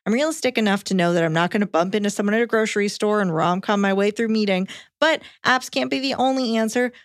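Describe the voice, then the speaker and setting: A woman co-hosting a podcast, reading a listener's letter aloud in a calm, even way. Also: mid-range voice, fast talker, no echo, clean studio sound. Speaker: podcast co-host.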